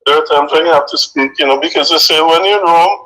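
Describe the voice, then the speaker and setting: An older man from St. Vincent with a Vincentian accent softened by decades in the US, calling into a live chat and speaking haltingly, often repeating himself. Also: fairly high pitch. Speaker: caller. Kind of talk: casual phone-in chat. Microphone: phone. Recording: tinny phone line.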